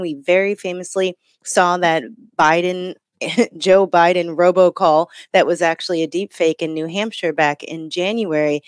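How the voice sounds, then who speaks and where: A woman correspondent explains the issue clearly, with the odd light laugh. Her voice is on the lower side and sounds dry and close on a studio mic. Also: dry recording. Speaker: senior correspondent. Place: Washington, D.C. area studio. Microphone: studio microphone.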